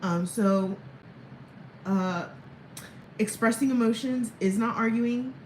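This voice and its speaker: This vlogger, a woman in her thirties, speaks slowly in a fairly high voice, rambling candidly and chuckling between ideas. There is a little hiss or hum, along with room echo and faint ambience.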